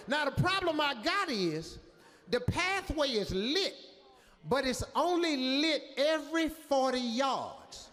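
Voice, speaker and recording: An older man doing stand-up storytelling, loud and animated, often shouting his punchlines. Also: very high voice, slow pace. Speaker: stand-up comedian. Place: comedy stage. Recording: live hall reverb, faint ambience.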